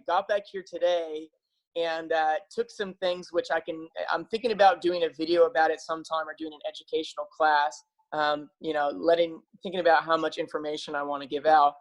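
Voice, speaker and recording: Fairly quick and steady in tone, a man with a slightly high voice addresses his viewers as a health practitioner over poor audio. His casual, enthusiastic talk to camera is eager, upbeat and persuasive, peppered with fillers.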